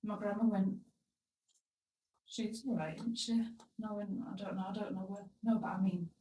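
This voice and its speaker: A young podcast host chats casually, telling her story in a comic, crude and blunt manner. Her dark, medium-pitched voice is level and moderately paced. Recorded from a distance a bit off-mic, it carries room echo and a little hiss or hum.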